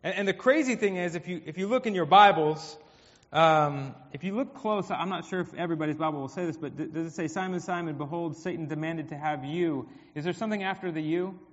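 A man delivering a sermon in a fairly high voice, talking to the congregation in a conversational way and swinging between hushed stretches and emphatic ones. The long reverb of a big hall trails behind his words, and the recording sounds a little muffled. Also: fairly quick. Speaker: pastor. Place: church hall. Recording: dull, echoey hall.

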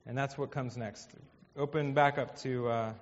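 A male pastor preaching a sermon in a conversational way, his voice swinging from hushed to emphatic. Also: medium pitch, fairly even intonation, normal speed. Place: church hall. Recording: dull, echoey hall.

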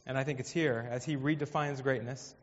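A male pastor preaching a sermon in a conversational way, his voice swinging from hushed to emphatic. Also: medium pitch, steady tone, brisk. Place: church hall. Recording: dull, echoey hall.

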